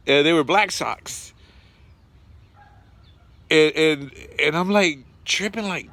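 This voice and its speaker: A man telling a personal work story in a casual, animated way, swearing freely, using street slang and many fillers. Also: a little high, slow pace, long pauses.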